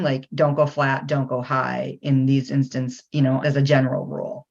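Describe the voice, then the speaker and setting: Low-voiced lady host asking questions, chatty, kinda muffled audio. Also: steady tone, moderate pace, hardly any pauses, a little mellow. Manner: chatty, many fillers, quotes voices in stories. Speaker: podcast host. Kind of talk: podcast interview. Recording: slightly dull lo-fi sound.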